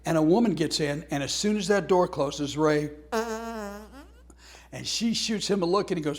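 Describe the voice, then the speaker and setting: A man's voice: a little high, normal speed, long pauses, darkish tone. A man, a humor speaker, telling heartfelt stories about a friend and laughing through them. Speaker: humor speaker teaching a class. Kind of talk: storytelling tribute talk.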